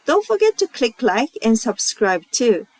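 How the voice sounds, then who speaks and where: A woman with a Japanese accent teaching pronunciation, repeating each example word slowly and carefully. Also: fairly high pitch, very animated, darkish tone, no room sound, rough recording. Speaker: language teacher. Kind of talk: slow, clear pronunciation lesson.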